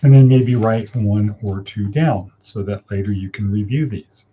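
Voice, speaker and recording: A man's voice: lowish voice, a little slow, dull audio, slight background noise. A man hosting a casual morning coaching livestream, upbeat and encouraging as he reads viewer comments and guides listeners through steps.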